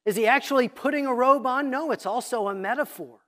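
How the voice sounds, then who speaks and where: A pastor giving an expository sermon, reading scripture slowly and deliberately, then explaining it in a teacherly way and pointing out repeated themes. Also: high-pitched, a bit bright.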